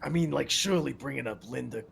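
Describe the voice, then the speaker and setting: A man's voice: medium pitch, quick pace, creaky, fairly bright tone, a little hiss or hum. A man chatting in character in a role-play game, rambling with lots of filler words. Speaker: roleplay game player. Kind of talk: casual in-character chat.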